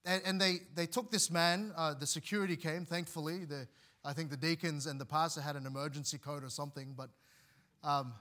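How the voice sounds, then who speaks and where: Male pastor, sermon delivery, earnest with frequent restarts; bright, slightly high voice. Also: steady tone, a little fast. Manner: earnest, repeats words and restarts, reads scripture aloud.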